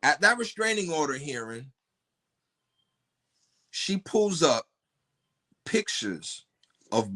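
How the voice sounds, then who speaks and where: A man tells a story as a podcast guest, blunt and full of curses. His voice sits somewhat high and sounds bright and forceful, and it keeps spiking into sharp outbursts. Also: takes it slowly, pauses often. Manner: animated, profane, blunt storytelling with rising outbursts.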